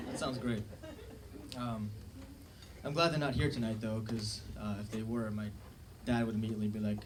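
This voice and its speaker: A man's voice: fairly low pitch, fairly even intonation, normal speed, background noise. A young man doing a self-deprecating stand-up set on a comedy club stage, talking casually into a handheld mic, recorded live. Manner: conversational, self-deprecating, with fillers and asides. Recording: live club recording with loud audience laughter.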